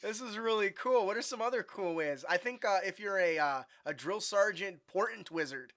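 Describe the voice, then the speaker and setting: A man's voice: sits high, moderate pace, fairly bright tone. A man co-hosting a tabletop gaming podcast, talking casually with many fillers and restarts. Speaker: podcast co-host. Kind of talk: casual chat. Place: home room over the internet.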